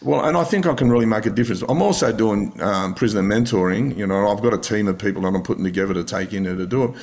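A man's voice: lowish voice, fast, creaky, a little mellow. An Australian man, a podcast guest, telling blunt stories, swearing freely and laughing along. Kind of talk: casual storytelling interview.

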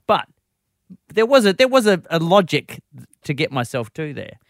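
A man's voice: a little high, moderate pace, dry recording, studio quality. A man hosting a radio show, telling rambling stories in casual chat. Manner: animated rambling storyteller. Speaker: radio host.

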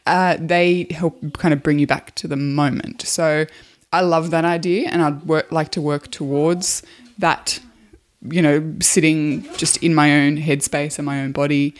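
A woman's voice: low-pitched, little pitch movement, measured pace. A woman co-hosting a casual podcast, upbeat and chatty, explaining things at length. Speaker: podcast co-host.

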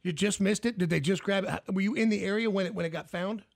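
A man hosting a radio show, joking loudly with callers, laughing often and swearing. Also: high voice, fast, gravelly. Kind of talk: loud joking radio banter.

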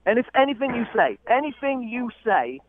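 A man's voice: very high-pitched, very animated, brisk. A man with a London accent, calling in to a radio show and insisting he is genuine, exasperated and defensive. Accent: London English. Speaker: caller. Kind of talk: phone call on a radio show. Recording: muffled phone line with faint noise.

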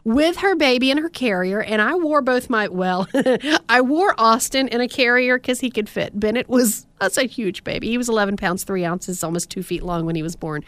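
A woman in her thirties, a podcast co-host telling stories in casual chat, animated and indignant. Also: a little high, normal speed, no room sound. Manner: animated storytelling, indignant asides.

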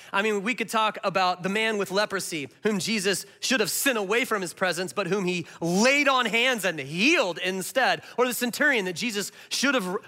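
A male pastor delivers a sermon with lively, dramatic swings in loudness. His voice is high and bright, moving from hushed asides to punchy emphasis. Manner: animated, swings between loud and hushed.

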